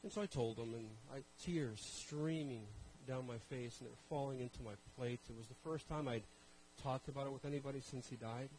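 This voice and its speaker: A man's voice: mid-range voice, a little fast, few pauses, a little mellow, a little hiss or hum, poor audio. A man from Canada preaching a sermon and telling a personal story. He talks conversationally, with self-deprecating asides, and addresses the congregation directly.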